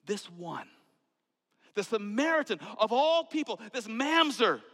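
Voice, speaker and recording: High gravelly preacher in a reverberant hall. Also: male voice, big pitch swings, measured pace. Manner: dramatic swings from soft whispers to loud outbursts. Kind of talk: sermon.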